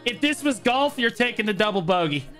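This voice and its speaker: A man commentating a game on a live stream, laughing and swearing in loud outbursts. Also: very high voice, animated, brisk, soft background music.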